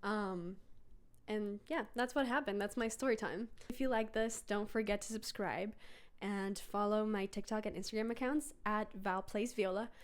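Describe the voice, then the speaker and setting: A woman's voice: steady tone, normal speed. A young woman telling a personal story in a casual vlog, chatty and full of "like". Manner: chatty, fills with "like" and "bro"; jumps into high voices when quoting.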